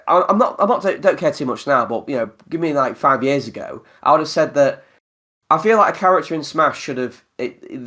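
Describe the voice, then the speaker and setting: Chatting on his podcast, a man with a mid-range, fairly bright voice keeps things casual and sweary. His speech is cluttered with fillers and restarts.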